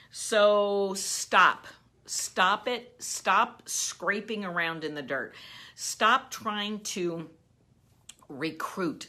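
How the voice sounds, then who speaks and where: A middle-aged woman coach giving an animated motivational talk and telling a story, laughing often. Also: on the low side. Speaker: business coach.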